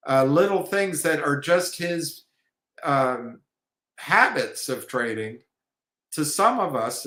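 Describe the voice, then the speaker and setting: A man giving rambling commentary on markets and trading, halting, with many restarts and fillers. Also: medium pitch, fairly bright tone. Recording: echoey room.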